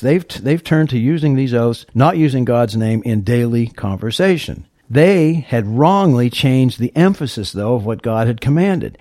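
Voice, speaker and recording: A man's voice: mid-range voice, darkish tone, no room sound, clean studio sound. A man preaching a sermon, teaching in an earnest tone, leaning hard on key words and often restarting his phrases.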